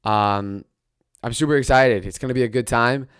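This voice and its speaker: Excitable man rambling about sports. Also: mid-range voice, normal speed, smooth, no echo, studio quality. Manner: rambling, excitable, restarts and trails off. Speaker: sports podcast host. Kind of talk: casual solo sports podcast.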